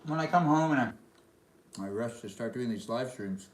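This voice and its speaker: A talkative man at a middle pitch, eating dinner live and answering his chat as he chews. His voice carries a roomy echo around it. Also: lively intonation, normal speed. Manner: chatty, reads and answers chat comments aloud; talks between bites of food. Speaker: live streamer. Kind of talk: casual live-stream chat while eating.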